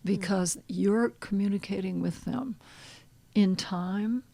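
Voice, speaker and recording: A middle-aged woman with a noticeably gravelly, fry-laden voice at an ordinary pitch. She talks gently and patiently as a guest, easing into hushed, breathy near-whispers when leading listeners through an exercise. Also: steady tone, slow pace, a little hiss or hum. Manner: soft, guiding, drops to a hushed near-whisper at times. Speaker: animal communication counselor, guest. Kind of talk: conversational podcast interview.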